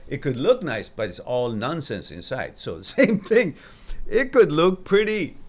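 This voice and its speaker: Male streamer, mid pitch, lively and expressive delivery, talking straight to viewers. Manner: animated storyteller, swinging between loud emphasis and quiet asides. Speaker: live stream host. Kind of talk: casual talk to a live stream audience.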